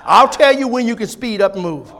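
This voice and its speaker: A male preacher voicing God as a commanding male deity who gives brisk, matter-of-fact orders to storms and waves in a sermon. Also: extremely high pitch, lively intonation, a bit bright, full character voice.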